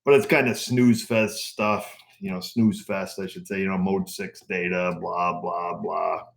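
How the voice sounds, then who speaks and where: A middle-aged man hosting a casual live stream for his auto repair channel, chatting in a relaxed, rambling way with plenty of fillers. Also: low voice, normal speed.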